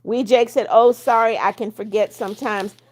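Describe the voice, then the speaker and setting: A woman's voice: fairly high pitch, steady tone, moderate pace, darkish tone. A woman hosting a livestream, reading viewer comments aloud and answering them in a firm, blunt way. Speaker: livestream host.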